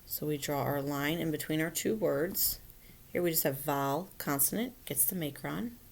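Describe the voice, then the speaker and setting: A woman's voice: sits low, moderate pace, vocal fry, a little hiss or hum. A woman teacher walking students through a phonics lesson step by step, patiently checking in with them as she goes. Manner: patient, explains step by step, often asks "right?". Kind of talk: recorded phonics lesson for children.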